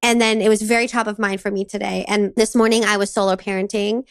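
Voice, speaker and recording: A woman in her thirties co-hosting a parenting podcast, telling a lively story about her morning and acting out her son's lines. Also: medium pitch, fast talker, clean tone, no room sound, studio quality. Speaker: podcast co-host. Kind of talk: casual conversational podcast chat.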